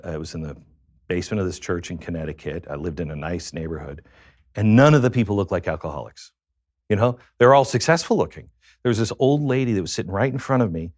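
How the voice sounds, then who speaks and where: A man's voice: low voice, a little mellow, no echo, clean studio sound. A man, a guest on a talk show, tells a personal story in a reflective way that halts on many fillers.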